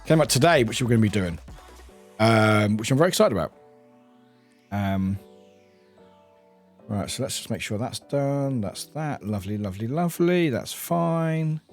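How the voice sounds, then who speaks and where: A man from the UK chatting casually with viewers on a live stream as he plays a word game, upbeat and quick to greet people. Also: medium pitch, lively intonation, faint music behind. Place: home room with a cat nearby.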